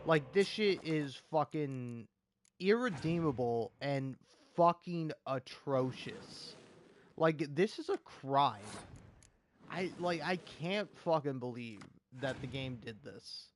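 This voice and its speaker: A man's voice: mid-range voice, lively intonation, takes it slowly, slight background noise. Profane, exasperated man ranting about a game. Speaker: gaming video creator. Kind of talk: angry gaming rant.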